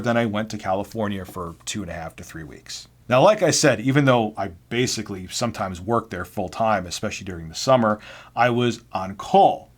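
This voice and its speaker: A man telling personal work stories to camera in a casual, blunt, self-deprecating way. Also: on the low side. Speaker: vlogger. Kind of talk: casual storytelling.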